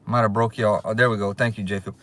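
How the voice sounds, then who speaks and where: A man hosting a casual livestream, excitable and drawling as he thanks his viewers over and over. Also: lowish voice, fast. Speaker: livestream host. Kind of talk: casual live chat. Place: outdoors.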